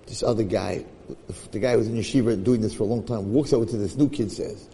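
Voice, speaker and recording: A man's voice: on the low side, fast talker, dark tone, in a large hall. A man giving an informal, joking Torah class, acting out stories as he goes. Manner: joking, conversational, acts out stories. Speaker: Torah teacher.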